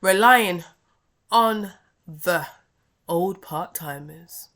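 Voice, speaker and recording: A woman hosting a wrestling review podcast, talking in an exasperated, animated, chatty way. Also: fairly low pitch, very slow. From Britain. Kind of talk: casual review rant.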